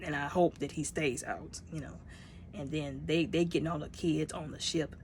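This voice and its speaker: A woman casually reviewing a movie, retelling scenes with lively, acted-out character lines. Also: low voice, moderate pace, slight background noise.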